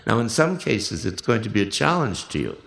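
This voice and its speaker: A man leading a workshop and giving measured, reflective spoken instructions for a recorded exercise, often restarting his phrases. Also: fairly low pitch, big pitch swings, vocal fry, fairly bright tone, roomy sound. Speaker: workshop leader.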